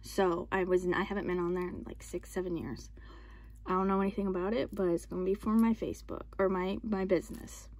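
A young woman in a casual haul vlog, chatting and gushing excitedly as she shows what she bought. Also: medium pitch, brisk. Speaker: vlogger showing her purchases. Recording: clear background noise.

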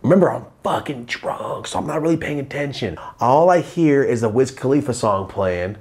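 A man telling a story on his vlog in a casual, profane and animated way, jumping in pitch when he acts out what people said. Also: normal speed. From Los Angeles, living there now.

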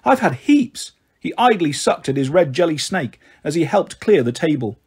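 A man reads a children's novel aloud, lively in pitch as he moves through the story. His voice is a little husky and sits fairly high for a man. He reads with expression, shifting into voices for the characters. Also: moderate pace. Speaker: storybook reader.

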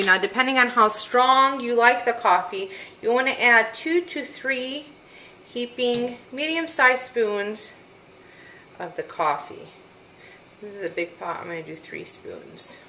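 A young woman hosting a casual cooking demonstration, chatting in a relaxed way with lots of "uh" and "um" fillers. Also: on the high side, roomy sound, background noise. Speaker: cooking show host.

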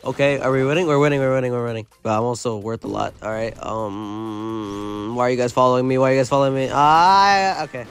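A man giving live gameplay commentary, excitable and self-mocking, often yelling in bursts, his voice going hoarse. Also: mid-range voice, fast. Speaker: gaming YouTuber.

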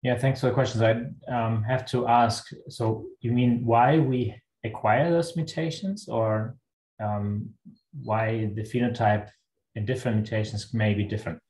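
A man with a German accent, a guest lecturer answering questions in a webinar in a measured, explanatory way. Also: mid-range voice, fairly even intonation, darkish tone. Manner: measured, explanatory, thinks aloud. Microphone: video call. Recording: echoey room with faint noise.

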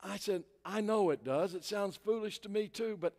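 An older man preaching as a guest speaker, telling a story with animated delivery that rises to shouts. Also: high voice, moderate pace, few pauses. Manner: animated, rising to shouts at climaxes. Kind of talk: sermon storytelling. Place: church sanctuary. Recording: long reverb of a large hall.

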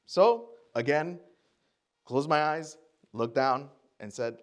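A man's voice: a little high, takes it slowly. A man giving a personal testimony sermon to a church congregation. He talks conversationally and acts out his own thoughts and other people's lines. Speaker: guest speaker at church.

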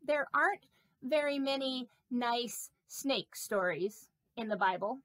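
A woman's voice: a little high, animated, slow, a bit bright, no echo. A woman voicing a vain, chatty, silly snake puppet in a children's sermon, talking playfully with rambling asides. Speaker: pastor.

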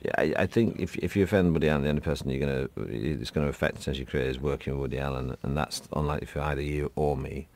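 A man from Britain giving a casual film commentary, deadpan and mock self-important, rambling through his stories. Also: a bass voice, racing, few pauses, slight background noise.

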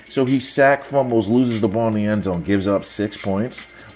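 A young man casually breaking down football highlights for viewers, analytical and sarcastic, talking straight to the audience. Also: lively intonation, normal speed, few pauses, a little mellow, soft background music. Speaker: football video commentator.

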